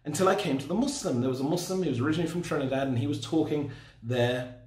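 A man's voice: fairly high pitch, rapid-fire, a little mellow. A man in his forties giving a personal testimony in a storytelling, self-deprecating way. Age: 40s. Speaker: speaker sharing his story. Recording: roomy echo.

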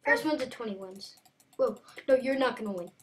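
A woman giving casual, playful game commentary, excitable and taunting. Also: fairly high pitch, brisk, recorded from a distance. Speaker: gameplay commentator.

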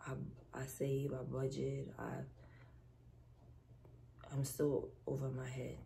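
A stressed, exhausted woman venting to her vlog viewers in a weary, halting way. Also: rumbling low, completely flat delivery, vocal fry, dark tone, a little hiss or hum. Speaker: vlogger.

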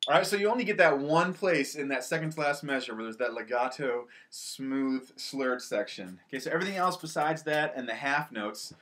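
A school band director teaches a lesson from home, his mid-range voice brisk and a little bright with few pauses. He explains the music upbeat, counting aloud and calling out to the players over the drums.

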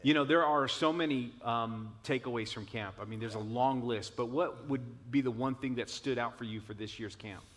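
A man, a pastor and father, speaking warmly, with many fillers like "you know.". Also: mid-range voice, moderate pace, hardly any pauses, long reverb tail. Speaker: pastor, parent. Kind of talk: church video conversation.

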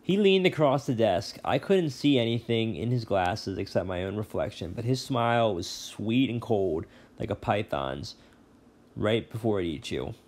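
Low-voiced male teacher reading aloud. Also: normal speed. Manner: relaxed, with brief asides and self-corrections.

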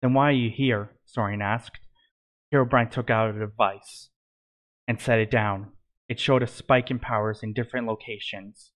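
A man reading his own fan fiction story aloud in a plain, steady storytelling manner. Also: lowish voice, moderate pace.

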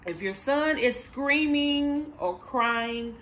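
A woman's voice: high-pitched, animated, takes it slowly, a bit bright, slight background noise. A woman explaining parenting techniques, speaking emphatically and addressing moms directly. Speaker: parenting coach and behavior analyst. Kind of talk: instructional parenting vlog.

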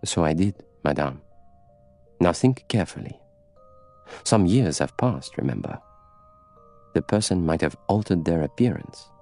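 Man voicing a dry serious detective, deep low voice, slow and careful. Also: very animated, warm tone, soft background music, heavily acted. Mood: probing. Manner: grave, dry, measured. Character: grave, dry older male detective.

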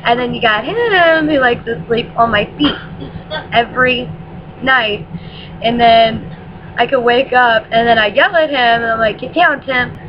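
Recorded at night on a laptop webcam, a mother who vlogs chats casually and slips into baby talk with her dog. Her voice sits on the high side and moves a little slowly against a noisy background. The sound is dull, lo-fi webcam audio with music underneath.

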